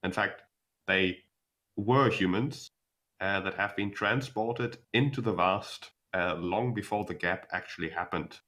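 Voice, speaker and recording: Deep-voiced guy gm, explains slow and careful, lots of uhs and restarts. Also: fairly bright tone. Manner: measured, explanatory, frequent fillers and restarts. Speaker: game master. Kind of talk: narrating a tabletop game.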